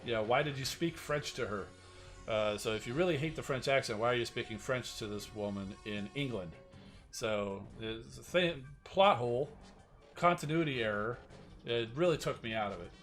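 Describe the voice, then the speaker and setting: A man's voice: medium pitch, normal speed, fairly bright tone, faint music behind. A man hosting a game live stream, chatting casually and rambling, often restarting his sentences and answering viewers. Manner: rambling, with many restarts and asides to chat.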